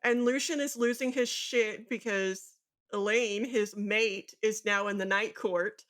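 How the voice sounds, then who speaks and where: Woman on a book podcast, chatty recap, does little voices for the characters, mid pitch. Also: a little slow. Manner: animated retelling, acts out character lines. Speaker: podcast co-host. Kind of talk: casual book recap chat.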